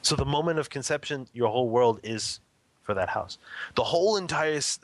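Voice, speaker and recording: A man in his thirties, a guest in an interview, telling a family story in a casual, lively way, laughing often and acting out quotes. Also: mid-range voice, dry recording.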